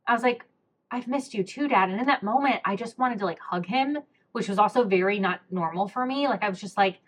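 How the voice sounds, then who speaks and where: A woman's voice: medium pitch, fast. A young woman hosting a podcast, telling a personal story in a candid, emotional way, with many fillers and close to tears. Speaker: podcast host.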